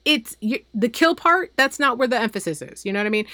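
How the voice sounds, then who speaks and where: A woman's voice: on the high side, very animated, normal speed, hardly any pauses, bright, forceful tone, dry recording. A woman co-hosting a podcast, giving emphatic, opinionated takes in casual recap chat. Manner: opinionated, emphatic, mocking asides. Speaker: podcast co-host.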